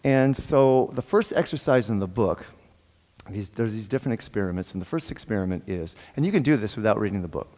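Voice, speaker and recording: A man's voice: fairly low pitch, fairly quick. A man giving a sermon as a guest minister, telling jokes and stories, laughing often and acting out the dialogue in his stories. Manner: animated, laughs often, acts out quoted dialogue. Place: church sanctuary. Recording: long hall reverb.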